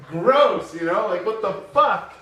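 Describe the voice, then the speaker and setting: Brief: young male host, slightly high voice, swears a lot, animated storyteller, echoey room, mic far off. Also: moderate pace, over a noisy crowd. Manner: profane, animated, laughing storyteller. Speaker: podcast host. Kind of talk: casual storytelling.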